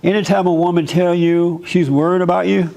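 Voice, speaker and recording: A man's voice: sits high, steady tone, brisk, creaky, a crowd in the background. A male pastor preaching in a casual, joking way, often repeating himself as he talks. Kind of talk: casual sermon with humor.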